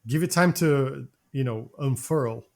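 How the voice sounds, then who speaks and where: A man's voice: mid-range voice, a little slow, creaky, darkish tone. A man co-hosting a podcast in casual chat, making crude jokes. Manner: crude, joking. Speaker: podcast co-host.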